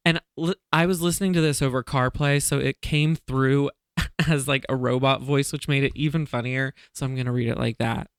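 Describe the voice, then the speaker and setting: A man hosting a casual chat podcast, telling stories in an animated way and laughing often. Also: mid-range voice, normal speed, smooth, dry recording, clean studio sound. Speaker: podcast host.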